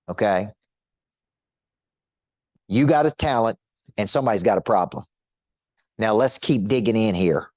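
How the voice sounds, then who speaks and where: A man's voice: lowish voice, expressive, normal speed, pauses often, a little mellow, no room sound, clean studio sound. A middle-aged man coaching an audience in a motivational teaching talk, emphatic and repetitive, firing rhetorical questions at listeners.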